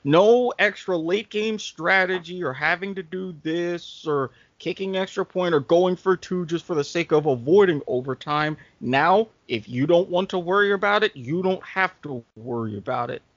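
A man co-hosting a casual sports podcast, explaining rules in a halting way with fillers, on dull, dry lo-fi audio. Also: high-pitched, no echo. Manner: halting, thinks aloud with fillers. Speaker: co-host.

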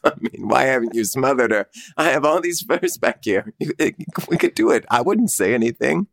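A man's voice: medium pitch, lively intonation, normal speed, creaky. Man doing a weepy, theatrical vintage shop owner, self-pitying, melodramatic comedy character. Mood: dramatic.

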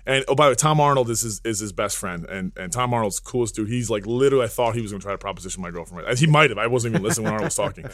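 A man's voice: on the low side, rapid-fire, hardly any pauses, no echo. A man telling a long story on a podcast, casually and animatedly, laughing and swearing often. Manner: animated, profane, breaks into laughs. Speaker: podcast co-host.

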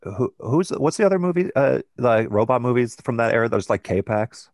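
A man in casual chat, sarcastic and halting, often hunting for words. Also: mid-range voice, lively intonation, a little mellow, dry recording, clean studio sound. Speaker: podcast co-host.

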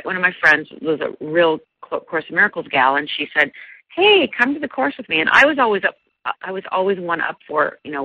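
A middle-aged woman with a gravelly edge tells her own story as an interview guest, earnest and animated, stumbling through restarts and fillers. The recording sounds dull and lo-fi, dry with no room around her. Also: low voice, dry recording. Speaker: guest, life coach.

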